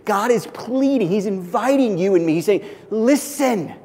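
A man preaching a sermon as a pastor, animated and conversational with frequent asides to the congregation. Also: high-pitched, normal speed, in a large hall. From Kansas City area.

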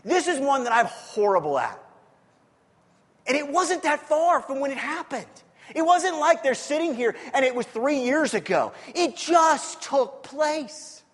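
Casual high-pitched guy preaching, chatty and self-deprecating, big echoey church hall. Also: measured pace. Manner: conversational, self-deprecating, with lively asides. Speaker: pastor. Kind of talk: sermon. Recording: long reverb of a hall.

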